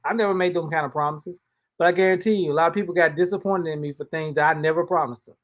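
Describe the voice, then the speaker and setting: A man's voice: on the high side, steady tone, fast talker. A man hosting a casual spoken devotional, talking in a colloquial, folksy way and often repeating and restarting his words. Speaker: host and motivational speaker.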